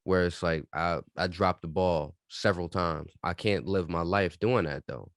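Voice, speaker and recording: A man's voice: low-pitched, normal speed, no room sound, clean studio sound. A man co-hosting a podcast, telling stories in a casual, emphatic and profane way. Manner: animated storytelling, emphatic and profane. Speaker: podcast co-host. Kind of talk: casual chat.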